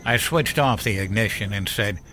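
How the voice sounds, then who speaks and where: An actor playing a gruff older war veteran father who tells a grim story in a blunt, profane way. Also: lowish voice, normal speed, sharp tone, slight background noise. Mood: grim recollection. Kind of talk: audio drama storytelling.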